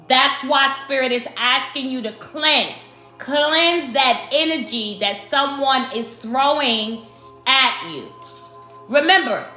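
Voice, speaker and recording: Brooklyn lady w new york accent doing a card reading for the collective, bright voice pitched a bit high, slow. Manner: slow, emphatic, addresses the audience as collective. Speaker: tarot card reader. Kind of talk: spiritual card reading to the viewers. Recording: echoey room with faint music.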